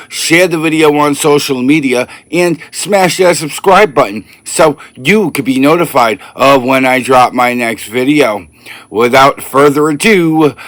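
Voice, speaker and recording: A man on his own channel, talking viewers through a college football ranking one team at a time. His voice sits a little high for a man, and he sounds chatty and upbeat. The sound is close and dry, with no room around it. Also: fairly bright tone, no echo. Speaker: sports channel host. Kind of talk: casual sports ranking commentary.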